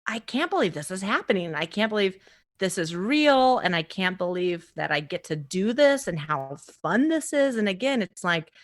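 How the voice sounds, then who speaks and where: A woman comedian from the US East Coast, a podcast guest telling a story in a casual interview, lively, laughing often and acting out the voices of the people she quotes. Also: medium pitch, moderate pace.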